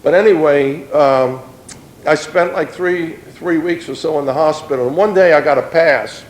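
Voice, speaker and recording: A man's voice: fairly high pitch, normal speed, roomy sound, poor audio. A middle-aged man, giving a plain-spoken personal testimony in an earnest storytelling way.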